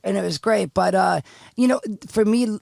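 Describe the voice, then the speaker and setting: A man's voice: high voice, moderate pace, creaky, a little mellow, no room sound, clean studio sound. A middle-aged man talking as a podcast guest, telling a candid story in a rambling way with many restarts. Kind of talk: casual storytelling chat.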